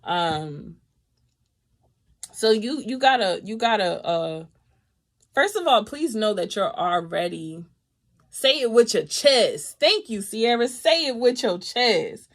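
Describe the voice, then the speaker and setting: A woman doing a live tarot reading, talking in a lively, casual way, swearing freely and laughing often. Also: medium pitch. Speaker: tarot reader.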